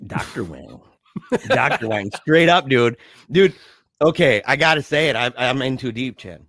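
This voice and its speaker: Animated slangy man telling a story. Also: mid-range voice, unhurried, no echo, clean studio sound. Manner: animated, slangy, laughs a lot, says "dude". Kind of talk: casual chat, storytelling.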